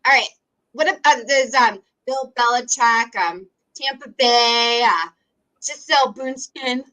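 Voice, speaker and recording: High, bright-voiced woman chatting. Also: a little slow. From Ohio, USA. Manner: bubbly, laughs often. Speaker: podcast host. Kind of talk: casual chat.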